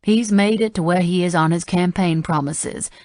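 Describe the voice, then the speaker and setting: A woman's voice: lowish voice, moderate pace, a little mellow, no room sound, studio quality, natural voice. Woman reading a frank Southern housekeeper. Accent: slight Southern US. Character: warm middle-aged housekeeper woman, frank.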